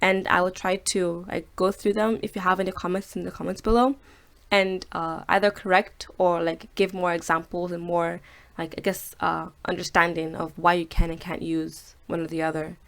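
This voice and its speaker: A woman with a slightly low voice hosts a relaxed video lesson. She pauses on each word and says it twice, slowly, for learners to repeat. Between examples she talks in a loose, chatty way with plenty of fillers. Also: creaky. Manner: slows down and repeats each word to model pronunciation. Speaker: language teacher and host.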